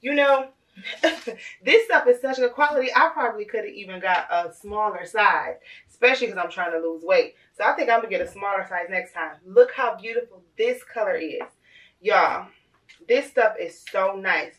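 A woman, gushing and excitable as she unboxes on her vlog. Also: medium pitch, normal speed, distant mic. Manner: gushing and excitable, addresses viewers as "y'all". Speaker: vlogger.

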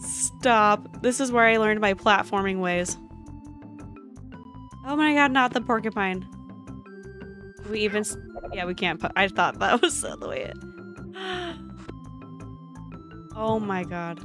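A woman streamer talking to her viewers during a live game stream, excitable, often gasping and exclaiming. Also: mid-range voice, slow, pauses often, soft background music. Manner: chatty, addresses her viewers directly.

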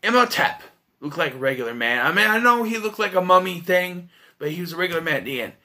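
A man with a fairly high, bright, forceful voice talks through a film review in a loose, offhand way. He is blunt and swears freely, and he often restarts his sentences. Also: lively intonation, fast talker. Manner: blunt and profane, with frequent restarts. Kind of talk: casual spoken film review.

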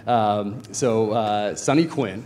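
A man's voice: lowish voice, slow, a little mellow. A man moderating a panel with casual interview questions, enthusiastic and friendly, with many fillers. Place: screening venue stage. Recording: echoey venue hall with faint noise.

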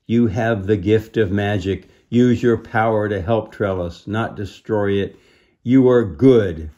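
A man's voice: lowish voice, measured pace, warm tone, muffled recording, lightly acted. A man voicing a loyal, encouraging boy in a children's storybook. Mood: earnest.

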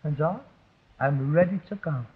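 A man's voice: on the high side, normal speed, lightly acted. An actor playing a frustrated, self-pitying young rag-and-bone man, sardonic and theatrical. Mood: morbid sarcastic. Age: young adult. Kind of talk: 1960s television sitcom acting. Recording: dull lo-fi 1960s TV sound.

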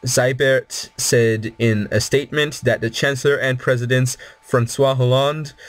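A man's voice: medium pitch, dry recording. A young man giving rambling, casual commentary while playing a game, with many fillers and restarts. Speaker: gaming video creator.

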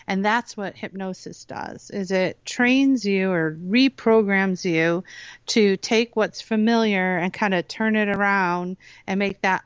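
A woman guest on a talk radio show explaining hypnosis in a lively way, acting out the voices she quotes. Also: medium pitch, clean tone, no room sound. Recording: dull lo-fi radio audio.

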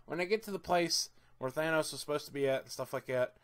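A man's voice: a little high, fast, smooth. A man giving a casual movie review vlog, enthusiastic and rambling, with lots of "uh"s and "I mean"s. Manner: excitable and laughs easily.

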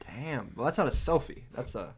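A man's voice: mid-range voice, sing-song, moderate pace, breathy edge. A man co-hosting a podcast in casual chat, dropping short, dry, joking remarks. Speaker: podcast co-host.

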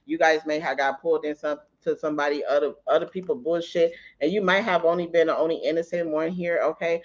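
A man's voice: fairly high pitch, fairly even intonation, fast talker. Profane, chatty man reading tarot. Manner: profane and chatty, laughs often; tells anecdotes mid-reading. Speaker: tarot reader. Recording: dull lo-fi audio.

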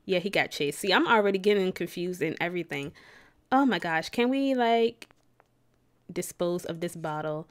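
A young woman in her twenties giving casual let's play commentary, excitable and gasping in disbelief. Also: fairly low pitch, moderate pace. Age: 20s. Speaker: gaming YouTuber.

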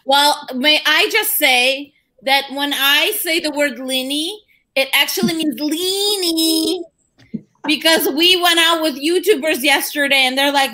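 Giggly high-voiced woman with an accent. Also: measured pace, bright, forceful tone. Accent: non-native English. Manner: hesitant, giggly. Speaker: guest. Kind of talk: live-stream chat.

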